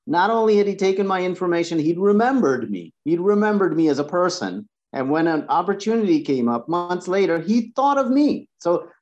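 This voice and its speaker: A man's voice: high-pitched, a little fast, few pauses. Guest guy, massage therapist, chatty storyteller, keeps restarting words, kinda muffled lo-fi audio. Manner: restarts words often, clears throat, animated retelling. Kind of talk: conversational storytelling. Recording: dull lo-fi sound.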